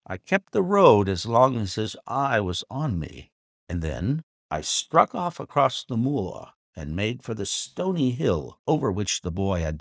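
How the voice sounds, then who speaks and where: Low expressive male audiobook narrator. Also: dry recording, clean studio sound.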